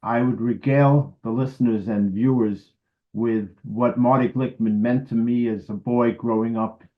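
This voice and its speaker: A man in his seventies from New York City lectures in a wry, anecdotal way over a video call. His voice comes through muffled and lo-fi, with a medium pitch. He sounds conversational and unhurried. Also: fairly even intonation. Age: 70s. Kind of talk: storytelling lecture.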